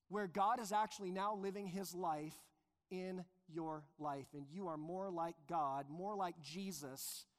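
A man preaching a sermon as pastor, earnest and emphatic, slowing down to stress key phrases. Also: on the high side. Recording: long reverb of a large hall.

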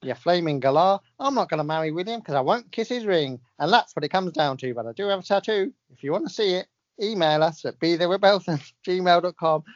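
A man's voice: high-pitched, lively intonation, a little fast, no echo, dull audio. A man putting on a poor impression of a famous Australian female pop singer, his accent slipping in and out. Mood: cheeky. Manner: jokey, slipping in and out of the put-on accent.

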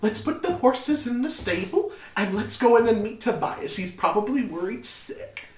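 Playful game master with lively pitch. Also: male voice, moderate pace, roomy sound, slight background noise. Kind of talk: narrating a tabletop game.

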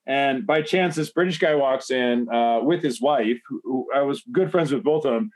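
A man's voice: medium pitch, moderate pace. A man telling a bar story in casual chat, rambling and profane with many fillers. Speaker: guest.

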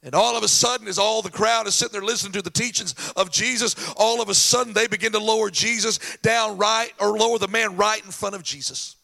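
Man, pastor, sermon, high-pitched, bright, animated storytelling. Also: fast talker, vocal fry, few pauses. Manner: animated storytelling, folksy asides.

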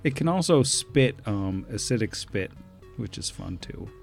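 A man's voice: fairly low pitch, animated, measured pace, vocal fry, faint music behind. A man serving as game master, plainly reading out monster defenses and abilities with frequent filler words. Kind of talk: running a tabletop game, reading monster stats.

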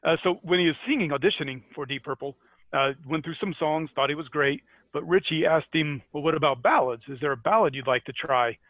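A man's voice: on the high side, fairly quick, no room sound, narrow, tinny audio. A man with a Scottish accent, a podcast co-host telling music history stories in casual chat, with many fillers and easy laughs. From Scotland.

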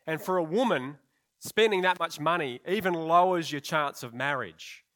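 A man's voice: a little high, normal speed, a bit bright. Conversational man preaching with wry asides. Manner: rhetorical questions. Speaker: pastor. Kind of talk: sermon.

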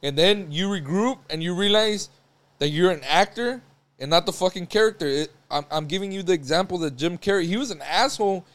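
Man, high pitch, podcast co-host, profane, chatty storyteller. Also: fairly quick, a bit bright. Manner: profane storytelling, laughs often. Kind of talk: casual podcast chat.

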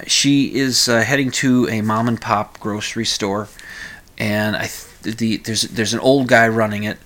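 Rambling Minnesotan radio talk host. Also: male voice, on the low side, fairly bright tone. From Minnesota, USA. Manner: rambling, many fillers and restarts. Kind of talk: casual solo radio talk.

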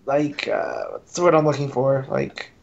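A man's voice: medium pitch, creaky. Hesitant American man, slightly muffled. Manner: hesitant, halting, many fillers. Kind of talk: casual comic book review chat. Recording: slightly dull, lo-fi sound.

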